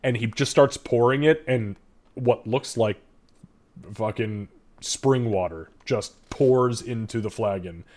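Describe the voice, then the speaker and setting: A man's voice: medium pitch, slow pace, darkish tone. A man narrating as game master in a loose, casual way, full of fillers.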